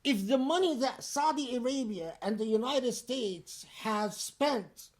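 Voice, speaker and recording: A man preaching a Friday sermon in a deliberate, emphatic and pointed way. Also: extremely high pitch, expressive.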